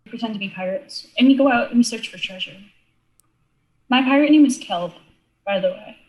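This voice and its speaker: A young woman as a podcast guest in casual chat, playful and quick to laugh. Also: on the high side, low-quality recording. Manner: playful, laughs often, deadpan teasing.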